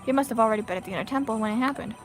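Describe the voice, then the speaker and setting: A woman reading the lines of a young male defense attorney from a game, quiet, dry and musing. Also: on the high side, very fast, faint music behind, pitched below the performer's own voice, lightly acted. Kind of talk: reading game dialogue aloud.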